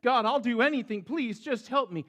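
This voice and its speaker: A man acting out a terrified man who is hanging from a branch on a cliff and shouting and pleading for help in a strained, high voice. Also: huge pitch swings, slow pace, heavily acted.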